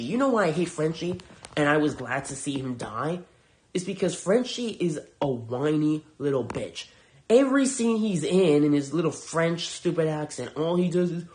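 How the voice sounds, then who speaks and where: A man's voice: fairly high pitch, lively intonation, normal speed. A man hosting a podcast, reviewing shows in a heated, profane, sarcastic rant. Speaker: podcast host.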